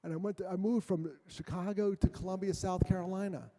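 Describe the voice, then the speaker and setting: A man speaking as a guest at a church, telling his story in an animated, self-mocking way. His voice is a touch high and mellow. It rings with long reverb from the hall. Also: fairly quick, slight background noise. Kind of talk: storytelling talk to a church audience.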